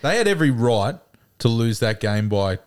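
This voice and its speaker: A man co-hosting a sports podcast, relaxed and easygoing as he runs through results. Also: medium pitch, normal speed, clean tone. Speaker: podcast co-host. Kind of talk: casual sports chat.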